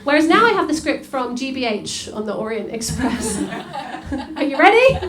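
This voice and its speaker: A woman's voice: a little high, sing-song, unhurried. A young woman from the UK doing stand-up comedy, chatty, laughing, full of "like" as she talks to the crowd. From United Kingdom. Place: comedy venue stage. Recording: echoey room with loud noise.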